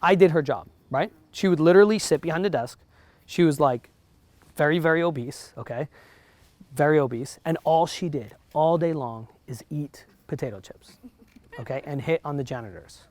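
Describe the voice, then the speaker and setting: A man's voice: fairly high pitch, normal speed, darkish tone, no room sound. Man with a New Jersey accent coaching realtors. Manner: conversational, keeps checking in with the audience. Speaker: real estate broker teaching realtors. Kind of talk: motivational talk to a live group.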